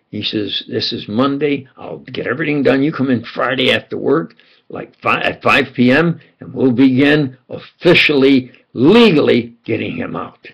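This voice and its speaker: An older man with a gravelly, husky voice talks in a long, wandering monologue. He slips into quoted dialogue and sometimes sinks to a low mutter. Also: lively intonation, normal speed, lo-fi sound. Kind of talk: rambling conspiracy monologue.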